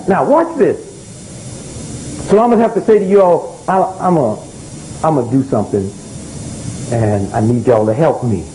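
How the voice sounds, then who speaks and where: A man speaking to a live audience in a high voice that swoops through a wide range. He works the room like a preacher, throwing out "right?" and "you got that?" between points. Faint hiss sits under the recording. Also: darkish tone, low-quality recording. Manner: preacherly call-and-response, repeatedly asking "right?". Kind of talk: live social commentary talk.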